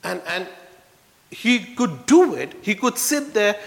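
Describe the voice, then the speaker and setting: A man preaching a sermon in a church, earnest, moving between soft low passages and loud emphatic ones. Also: big pitch swings, slow pace, creaky. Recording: long reverb in a hall.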